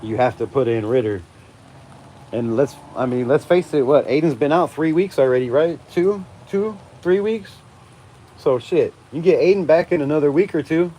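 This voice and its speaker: With a slightly high, mellow voice at a moderate pace, a fan channel host in his forties rants emphatically on a live fan stream. He's outdoors at night during a storm, swearing heavily and laughing frequently.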